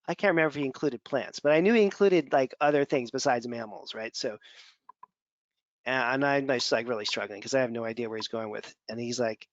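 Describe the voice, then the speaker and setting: Male instructor, mid-pitch, chatty digressive lecture, dry and muffled audio. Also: quick pace, dry recording. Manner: conversational, digressive, repeats words while thinking. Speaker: functional medicine instructor. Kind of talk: casual lecture over slides. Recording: dull, dry lo-fi sound.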